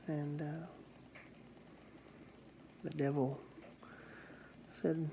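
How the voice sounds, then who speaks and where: A preacher tells a parable in an earnest, halting way. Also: medium pitch, little pitch movement, darkish tone, a little hiss or hum. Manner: slow, earnest, halting with fillers. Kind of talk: storytelling sermon.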